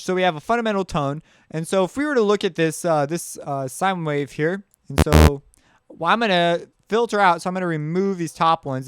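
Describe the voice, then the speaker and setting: A man talks through a relaxed screen-share lesson, chatty and thinking out loud. His voice is smooth and a little higher than most men's. He is recorded close and dry, with no room sound. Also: no room sound. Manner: loose and chatty, thinks aloud, frequent "uh" and "so". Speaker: music production teacher. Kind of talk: casual screen-share tutorial.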